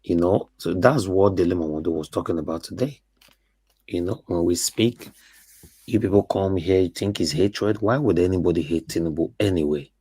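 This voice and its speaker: A man, hosting a call-in talk show in a measured, conversational way. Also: deep voice, warm tone, husky. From Nigeria. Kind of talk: casual call-in chat.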